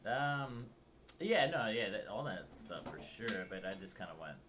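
A man's voice: fairly low pitch, animated, a little slow, background noise. A man co-hosting a podcast, talking hesitantly with many ums and dry remarks. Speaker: podcast co-host. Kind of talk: casual podcast chat.

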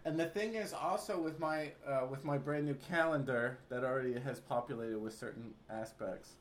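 A man hosting a podcast, chatting casually with quick asides. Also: mid-range voice. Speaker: podcast host.

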